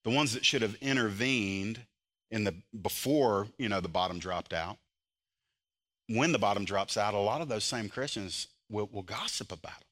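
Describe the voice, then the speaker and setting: A man preaching a sermon as pastor, moving between loud, impassioned emphasis and quiet, earnest intensity. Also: fairly low pitch, animated, normal speed.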